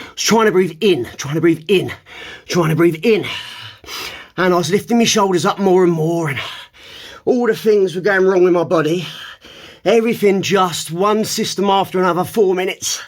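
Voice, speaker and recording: A man talks to his viewers while holding a plank, his breath strained and sighing between phrases. His voice sits high for a man and swings widely in pitch, now and then bursting into emphatic shouts. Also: breathy edge. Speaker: fitness vlogger.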